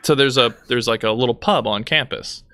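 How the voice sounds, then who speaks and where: Midwestern guy w a bit of texas twang, bright voice, rambling and laughing thru a story. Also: medium pitch, a little fast, dry recording. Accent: Midwestern American with some Texas twang. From Michigan. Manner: animated, rambling, laughs often. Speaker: live stream host. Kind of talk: casual storytelling chat.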